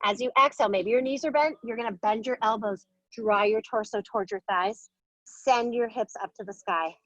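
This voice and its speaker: A woman's voice: a little high, moderate pace, fairly bright tone, dry recording, poor audio. A woman teaching a yoga class, giving upbeat, playful cues while moving and a little out of breath. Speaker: yoga instructor. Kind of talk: guided yoga class instruction.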